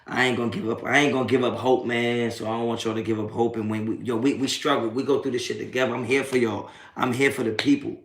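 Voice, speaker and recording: A man's voice: medium pitch, little pitch movement, fast, hardly any pauses. A young adult man streaming a live post-game reaction, cursing and laughing while mocking trolls in the chat. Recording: echoey room.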